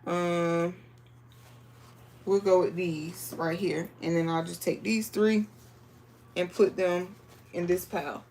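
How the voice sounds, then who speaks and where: Slow-talking woman, chatty craft vlogger. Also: on the low side, steady tone, darkish tone, a little hiss or hum. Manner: chatty, talks to viewers as y'all, reads chat aloud. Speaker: crafting livestream host. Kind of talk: casual live sewing chat.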